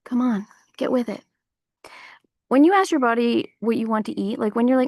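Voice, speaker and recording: An outdoor livestream host chats with her audience in an animated, rambling way, full of likes and you-knows. She speaks at a moderate pace in a fairly high, gravelly voice, with a dry, studio-quality recording.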